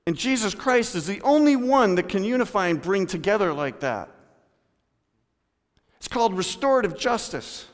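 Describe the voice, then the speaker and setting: Preacher with big swings in a reverberant church. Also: male voice, expressive, moderate pace. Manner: dynamic preaching, swinging from loud emphasis to low hushed tones; addresses congregation members by name. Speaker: pastor. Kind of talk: sermon. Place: church sanctuary. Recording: long hall reverb.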